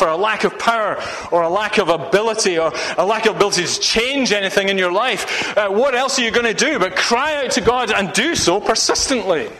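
Echoing through a long reverberant hall, a high-pitched, sharp voice belongs to a man from Scotland delivering a sermon. His tone is earnest and pressing, and he repeats phrases to drive points home.

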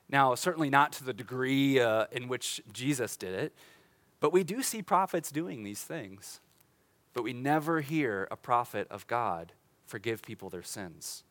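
A young adult man, a pastor, preaching a conversational sermon, chatty and light, slowing down for dramatic lines. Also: fairly high pitch, fairly bright tone. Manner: conversational, with laughs and dramatic slowdowns.

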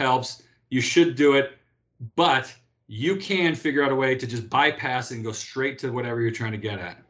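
A man's voice: mid-range voice, normal speed, a bit bright. A man in his fifties, a guest in a casual interview, telling stories animatedly with frequent restarts and repeated words. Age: 50s. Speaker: interview guest, former pro athlete.

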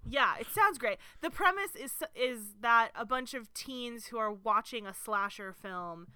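Bright, lively woman podcast co-host. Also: fairly high pitch, measured pace, smooth, no echo. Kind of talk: casual chat.

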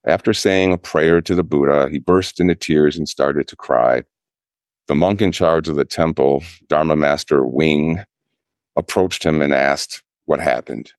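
A Zen priest giving a dharma talk, telling a teaching story in a slow, measured way with pauses. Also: male voice, extremely low pitch, no room sound, studio quality.

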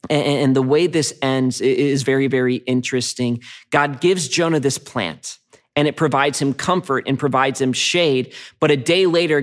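A man preaching as a pastor, telling stories earnestly and reading from scripture. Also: medium pitch. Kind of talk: sermon.

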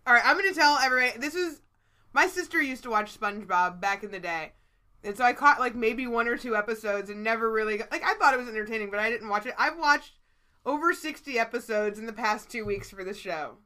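A woman co-hosting a relaxed chat show, talking loosely and swearing without a second thought. Her voice sits a little high and sounds bright and clear. She laughs easily between points. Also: quick pace. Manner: chatty, swears freely, laughs often. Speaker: podcast co-host. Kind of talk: casual chat.

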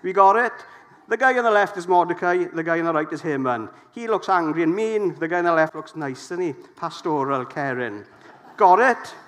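A middle-aged man preaching a sermon, lively and jokey, putting questions to the congregation. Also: on the high side, normal speed.

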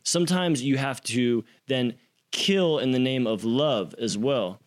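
A man's voice: medium pitch, a little slow. A man in casual conversation, telling stories and acting out quotes in other voices, with casual swearing.

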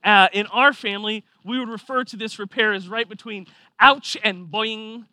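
Man, pastor, sermon, high voice, animated storytelling, dry close sound. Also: dry recording. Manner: animated storytelling, swings from quiet to loud.

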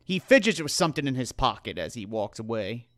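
A man's voice: medium pitch, sing-song, fairly quick, fairly bright tone, no echo, studio quality. A man playing a tabletop role-playing game, narrating his character in a casual, rambling way. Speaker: player.

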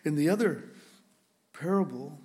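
His voice sits on the high side, expressive and mellow. He's a pastor delivering a sermon, emotional and earnest, frequently stopping and starting his sentences over.

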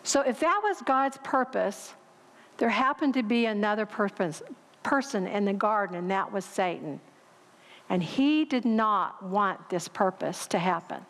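A woman's voice: medium pitch, animated, a little slow, a bit bright. A woman preaching a sermon, speaking conversationally and turning questions to the congregation. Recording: long hall reverb.

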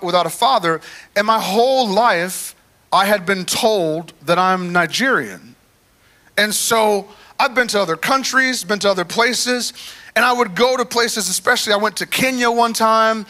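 A man preaching a sermon in a church, telling his own story in a lively, chatty way and drawing in the congregation. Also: sits high. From United States. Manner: animated, conversational, talks to the crowd. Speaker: guest preacher.

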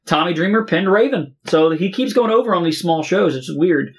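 High-voiced male co-host, halting reader, casual and profane. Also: animated. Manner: reads results in a halting way with many uh fillers and swearing. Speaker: podcast co-host reading match results. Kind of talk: casual podcast chat.

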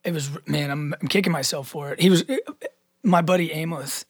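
A man's voice: fairly high pitch, steady tone, fairly quick, no echo, clean studio sound. A man hosting a podcast in casual, enthusiastic, slang-filled chat. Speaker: podcast host.

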